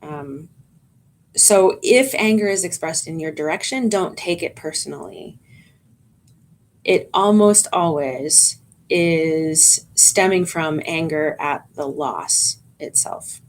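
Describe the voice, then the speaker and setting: A woman chaplain giving a gentle training talk to volunteers, calm and explaining, with frequent ums and restarts. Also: sits low, slow pace, slight background noise.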